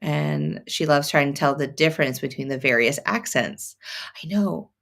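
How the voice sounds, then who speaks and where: A woman's voice: deep voice, animated, normal speed, gravelly. A woman hosting a sewing live stream, chatting and reading viewer comments aloud as she works. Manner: thinks out loud, many fillers and restarts. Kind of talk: casual live-stream chat.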